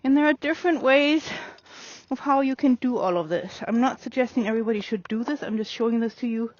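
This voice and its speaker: A woman horse trainer explaining her work with a mare in an open outdoor arena, calm and coaxing, with many fillers. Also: fairly high pitch, fast talker, no room sound, muffled recording.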